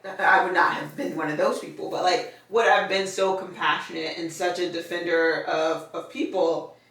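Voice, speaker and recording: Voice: medium pitch, steady tone, moderate pace, fairly bright tone. A life coach guest in a casual faith conversation, speaking reflectively and laughing easily. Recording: very echoey room, far from mic.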